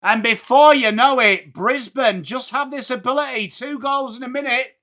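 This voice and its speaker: Chatty English host for a live footy watchalong: high, bright voice, bouncing between play calls and viewer chat. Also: male voice, moderate pace. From England.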